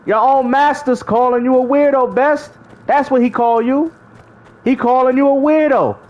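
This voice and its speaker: A man's voice: very high voice, fairly even intonation, moderate pace, darkish tone, dull audio. A man streaming live, casually bantering and mocking rival gamers, laughing often as he talks. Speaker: gaming streamer.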